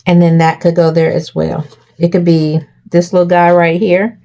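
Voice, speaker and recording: A woman with a slightly low voice hosts a homemade craft tutorial. She explains each cut and fold step by step in a chatty, instructive way, often pausing to check in with the viewer. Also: little pitch movement, gravelly, mellow.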